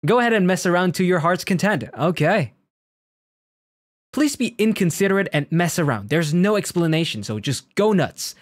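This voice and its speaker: A man's voice: sits high, expressive, moderate pace, no room sound, clean studio sound. A man streaming a video game, chatting casually with playful reactions and frequent laughter.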